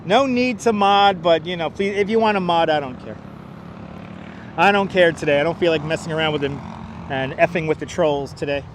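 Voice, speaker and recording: A man's voice: on the high side, brisk, slight background noise. A man hosting an outdoor plane-spotting livestream, joking with his chat in a mock folksy "there, eh?" style and calling out arriving flights. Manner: calls out arriving flights like an announcer. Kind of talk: casual live commentary to chat. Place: outdoors near an airport runway. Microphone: wireless clip-on mic.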